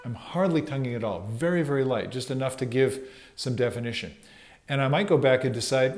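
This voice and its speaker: A man's voice: medium pitch, expressive, fairly quick. A man giving a casual trumpet lesson, thinking aloud with fillers and sometimes singing syllables to show phrasing. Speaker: trumpet teacher.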